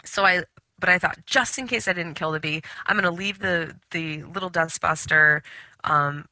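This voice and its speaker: Woman, spiritual radio host; very bright tone, dry close sound, chatty rambling delivery with lots of fillers. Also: fairly low pitch, moderate pace, dry recording. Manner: rambling storytelling with many fillers. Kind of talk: spiritual talk radio monologue.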